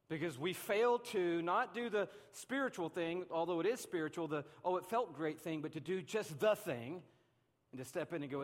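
Guy preaching a sermon, kinda high voice, big echoey church hall, gets loud then goes quiet. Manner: animated, acts out voices, swings between loud and hushed. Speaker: pastor. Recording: long hall reverb.

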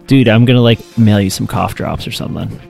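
Gravelly-voiced man on a podcast. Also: fairly low pitch, brisk, soft background music. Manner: relaxed, joking, loose with fillers. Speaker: podcast co-host. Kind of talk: casual podcast chat.

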